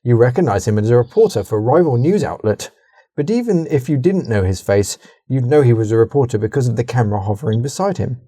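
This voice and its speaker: A man co-hosting a casual podcast reads an interactive story aloud, often breaking off to laugh, swear and comment. His voice is mellow and dark, at a middling pitch. It is recorded dry and close on a podcast mic. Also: expressive, fast talker, no room sound.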